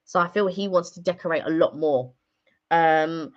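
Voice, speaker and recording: A woman's voice: fairly low pitch, normal speed. Chatty woman on a dull lo-fi stream. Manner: chatty, rambling, many fillers. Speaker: live stream host. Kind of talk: casual live stream chat. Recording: dull lo-fi sound.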